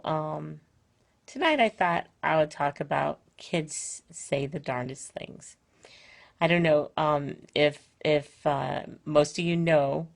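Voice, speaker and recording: Older woman host, low gravelly voice, chatty and rambling, home live stream. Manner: rambling, with many fillers and restarts. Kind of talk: casual chat. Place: her home, indoors. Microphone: phone or webcam, live stream.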